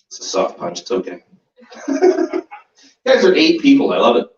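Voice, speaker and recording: In a muffled, roomy, distant live recording from a small comedy club basement, a stand-up in his 40s delivers crude material packed with voice impressions and his own laughter. His medium-pitched, darkish voice swoops wildly in pitch at normal speed.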